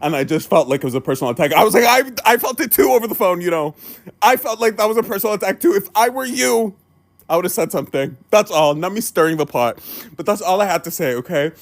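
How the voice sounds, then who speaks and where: Guy with a high voice telling a funny story, super animated, swears a lot, pitch all over the place. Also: quick pace. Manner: animated and exaggerated, swears and laughs mid-story. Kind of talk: casual comedic storytelling.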